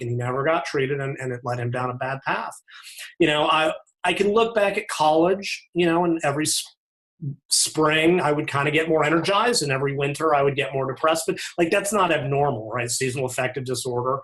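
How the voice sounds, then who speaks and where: A fitness author guesting on a podcast talks frankly and reflectively in a candid interview. His voice is a little high, fairly quick, and fairly bright, and his loose, conversational sentences often restart.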